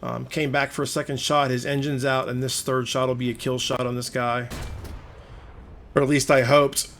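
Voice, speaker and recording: A man at an ordinary middle pitch talks through a recorded match as gameplay commentary. His manner is conversational and explanatory, and he is plain-spoken about his own frustration. A faint ambient hum sits behind the voice. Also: little pitch movement, normal speed, a bit bright. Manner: conversational, explaining play as it unfolds. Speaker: gaming video host.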